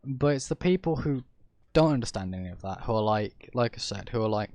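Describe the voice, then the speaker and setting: A man's voice: medium pitch, expressive, fairly quick, darkish tone, no echo. A man from England with an English accent, rambling through an opinionated livestream rant and correcting himself as he goes. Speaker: streamer. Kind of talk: casual ranting livestream talk.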